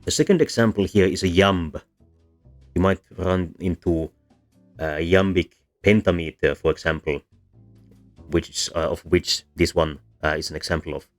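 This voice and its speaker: A man's voice: low voice, moderate pace. A man giving a casual, hesitant lecture on linguistics, with frequent ums and restarts. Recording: soft background music under voice.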